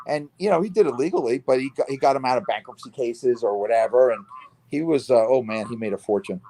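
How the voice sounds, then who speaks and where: A middle-aged man from New Jersey hosting a casual chat, telling stories in a lively way and acting out the voices of the people in them. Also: mid-range voice, fast talker. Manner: animated storyteller, acts out quoted voices. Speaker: host.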